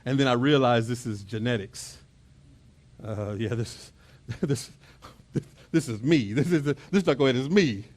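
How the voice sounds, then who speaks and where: A man's voice: mid-range voice, moderate pace, pauses often. A middle-aged man with a Texan accent, preaching a conversational sermon, often repeating words and chuckling as he acts out family moments. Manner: chuckles and mimics family exchanges. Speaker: pastor. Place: church auditorium.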